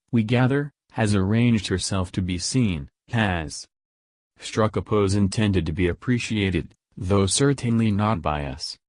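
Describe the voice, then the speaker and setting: A man narrating an audiobook in a measured, wry way. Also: fairly low pitch, a little mellow, no room sound, clean studio sound.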